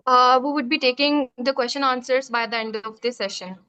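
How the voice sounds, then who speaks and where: A woman's voice: high-pitched, a little fast, pushed and bright, clear, resonant tone, no echo. A woman moderating an online webinar, speaking politely and hesitantly with fillers. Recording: dull lo-fi video call audio.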